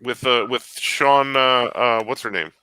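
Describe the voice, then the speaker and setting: A man's voice: medium pitch, unhurried, sharp tone, clear, resonant tone, dry recording, rough recording. A man telling a long story in casual chat, acting out both sides of the conversation.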